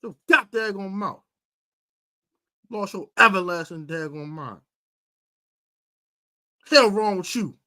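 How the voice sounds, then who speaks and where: A woman hosting a sports podcast, delivering an exasperated, scolding live-streamed rant full of slang, swinging between loud outbursts and low muttering. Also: slow pace, pauses often.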